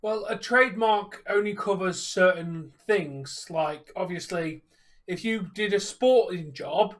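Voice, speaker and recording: Man, co-host, high voice, dry joking quips, casual stream chat. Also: a little slow. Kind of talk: casual live game reaction chat.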